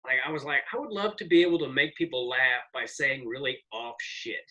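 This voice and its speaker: A man in his forties, a comedian guest telling rambling, animated stories in casual podcast chat. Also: medium pitch, brisk, low-quality recording. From American South. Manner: rambling, animated storyteller with profanity.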